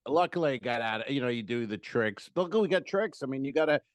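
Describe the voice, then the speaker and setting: A man co-hosting a comedy podcast, telling profane, jokey stand-up stories in a casual, animated way. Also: medium pitch, fast talker, no room sound. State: feeling unwell.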